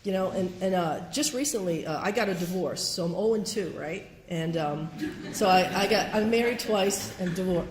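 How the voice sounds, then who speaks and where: A woman's voice: on the low side, moderate pace. A woman giving a candid personal recovery talk at a meeting, acting out the things people say. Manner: candid, acts out quoted remarks. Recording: echoey room with faint noise.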